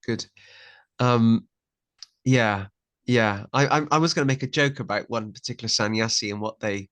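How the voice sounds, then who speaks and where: A man's voice: mid-range voice, normal speed, fairly bright tone. A man hosting a podcast, chatting casually with a guest and rambling into jokes with many restarts. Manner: joking, rambling, self-interrupting. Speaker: podcast host. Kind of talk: casual interview chat.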